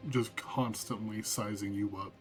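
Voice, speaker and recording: Slow-paced male game master. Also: fairly low pitch, steady tone, soft background music. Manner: slow, halting descriptive narration. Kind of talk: narrating a tabletop game.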